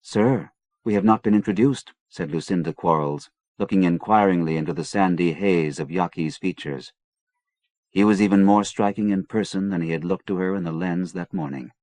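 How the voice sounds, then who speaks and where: A man narrating an adventure novel in a measured, even storytelling manner. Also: sits low, no echo. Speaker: audiobook narrator.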